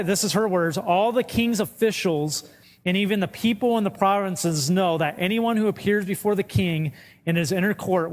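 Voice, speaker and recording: High-voiced pastor preaching in a reverberant church. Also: male voice. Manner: retells scripture in casual paraphrase. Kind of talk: sermon.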